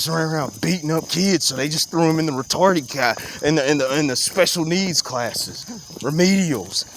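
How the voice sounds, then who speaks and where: Outdoors, with faint crickets chirping behind him, a young man tells a loose, animated story in a casual chat. He swings between loud outbursts and low mutters and laughs easily, and there's a little hiss or hum.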